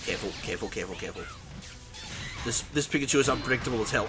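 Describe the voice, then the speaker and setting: A young man hosting a gaming channel, excitedly commentating his own gameplay, talking to the characters on screen and laughing along. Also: mid-range voice, very fast. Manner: excitable, yelps and laughs while playing, talks to the game. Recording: game music behind.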